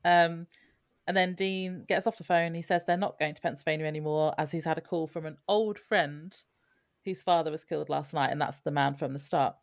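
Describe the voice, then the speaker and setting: A woman's voice: low-pitched, steady tone, a little fast. A woman co-hosting a podcast, recapping an episode in an easygoing way, with many fillers. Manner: easygoing, laughs often, filler-heavy. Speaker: podcast co-host.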